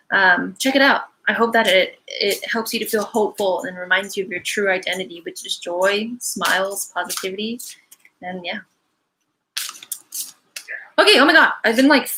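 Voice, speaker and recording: A woman's voice: mid-range voice, bright, forceful tone, a little hiss or hum, rough recording. A young woman hosting a live card-reading Q&A from her home, chatting casually and rambling with many fillers and apologetic asides. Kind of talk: casual livestream chat. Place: her home, animals around.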